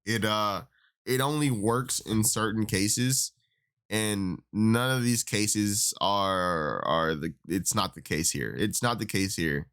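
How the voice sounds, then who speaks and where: A man's voice: fairly low pitch, slow pace, a bit bright, clean tone. Profane, exasperated young man ranting. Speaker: MMA commentator. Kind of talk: casual opinion rant.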